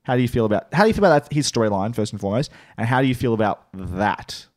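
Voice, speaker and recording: A man's voice: mid-range voice, lively intonation, no echo. Australian man, dry close sound. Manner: quick, emphatic, argues points. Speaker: podcast co-host. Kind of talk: casual TV review chat.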